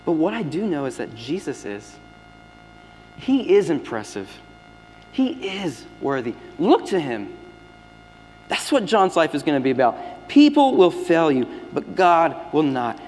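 A man preaching a sermon as pastor, swinging between loud emphatic lines and hushed, near-whispered ones. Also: a little high, very animated, measured pace. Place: church sanctuary. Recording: long hall reverb with faint music.

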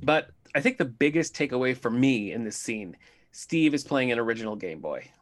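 A man co-hosts a casual podcast with an easygoing, dry sense of humor. His pitch moves around a lot as he recaps scenes and drops quick asides. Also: expressive. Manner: easygoing, dry humor, many "like" and "yep" fillers. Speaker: podcast co-host recapping a TV episode. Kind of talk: casual chat.

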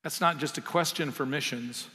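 Bright-voiced pastor in a reverberant church. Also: male voice, a little high, moderate pace. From Canada. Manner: conversational, with many "um"s and repeated words. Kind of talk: sermon with prayer. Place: church sanctuary. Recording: long reverb of a church hall.

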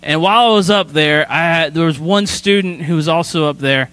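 A man's voice: on the high side, brisk, a bit bright, clear, resonant tone. A man, a student pastor, preaching a sermon in a chatty storytelling way, often checking in with "right?". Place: church sanctuary.

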